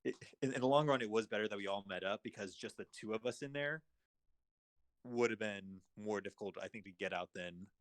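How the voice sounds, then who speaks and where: A man's voice: lowish voice, fairly quick, no room sound. A man playing in a tabletop game, talking eagerly and thinking aloud about the last encounter. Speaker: player. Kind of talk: casual tabletop game talk.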